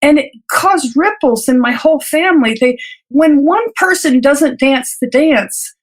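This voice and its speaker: Woman doctor, interview guest, high voice, reflective storyteller, light laughs, halting repeats. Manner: earnest, reflective, laughs lightly between thoughts; halting restarts and repeated words. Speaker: physician guest.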